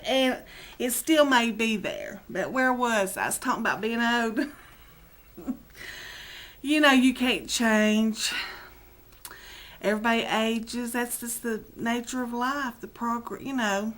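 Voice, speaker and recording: A woman's voice: on the high side, a little slow, a bit bright. A middle-aged woman, chatting to her webcam in a rambling, self-deprecating way, teary and close to crying. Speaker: video blogger. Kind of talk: casual chat to camera.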